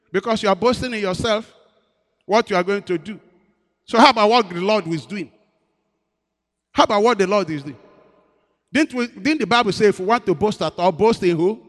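A man's voice: sits high, a bit bright, in a large hall. A man preaching a sermon as pastor, asking his congregation questions and waiting for their replies.

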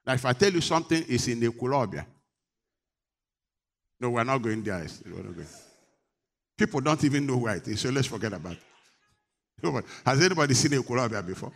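A middle-aged man from Nigeria preaching a sermon as pastor, animated and joking, teasing his congregation. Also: mid-range voice, a little fast, gravelly, long pauses.

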